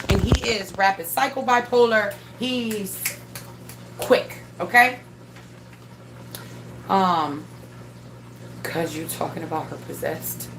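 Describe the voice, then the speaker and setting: A woman casually telling a story about her son, animated and swearing freely as she acts out what people said. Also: mid-range voice. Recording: echoey room with faint noise.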